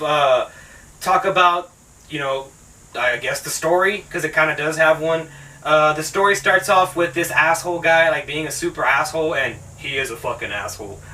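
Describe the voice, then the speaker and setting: A man's voice: on the high side, bright, forceful tone, far from the mic, rough recording. A man hosting his own channel, ranting through a sarcastic, profanity-heavy casual movie review. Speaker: film reviewer, channel host.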